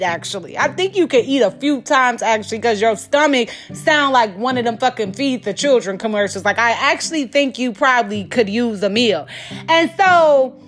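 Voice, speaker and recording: A woman telling a dating story in a casual, animated, profane way, often checking in with the listener. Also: sits high, moderate pace. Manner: animated, profane, keeps asking "you get what I'm saying".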